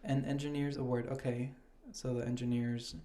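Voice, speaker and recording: A young man with a mellow, warm voice chatting casually on a podcast. He reads nomination lists at a slow, unhurried pace and drops swear words freely. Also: mid-range voice, flat delivery. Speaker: podcast host. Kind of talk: casual chat reading award nominations.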